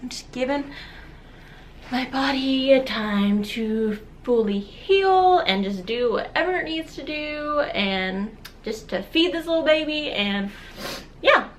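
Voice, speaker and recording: A young woman in her twenties filming a casual personal vlog at home, speaking softly and rambling, with many fillers and tearful laughs. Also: high-pitched, lively intonation, takes it slowly, slight background noise. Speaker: vlogger, new mother. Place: at home, holding her baby. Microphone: camera viewfinder.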